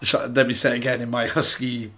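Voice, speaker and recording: An English man co-hosts a casual podcast, rambling through a gruesome tale with plenty of restarts and the odd swear word. His voice sits at an ordinary middle pitch. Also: monotone, rapid-fire, bright, forceful tone, slight background noise. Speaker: podcast co-host. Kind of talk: casual chat.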